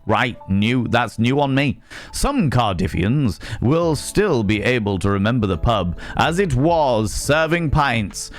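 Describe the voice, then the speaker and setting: A man with a West Country accent chatting casually on a live stream, reacting to chat with quick, sweary asides. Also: medium pitch. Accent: West Country English.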